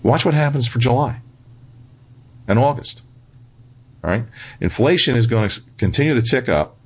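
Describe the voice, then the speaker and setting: A man's voice: medium pitch, expressive, normal speed, breathy edge. A man being interviewed as a financial commentator. He talks bluntly and with a touch of sarcasm, and keeps pressing his points with "right?" and "okay?". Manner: emphatic, repeats "right?" and "okay?" for emphasis. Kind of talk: interview answers.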